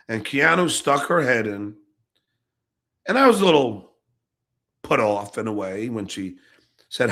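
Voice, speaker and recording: A middle-aged man hosting his own podcast, ranting angrily and profanely, jumping between shouts and low mutters. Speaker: podcast host. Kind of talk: angry ranting monologue.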